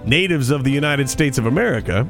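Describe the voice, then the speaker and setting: Male podcast co-host, mid-pitched and rambling, casual storyteller, faint music underneath. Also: lively intonation, fast. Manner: rambling, conversational storytelling with frequent restarts.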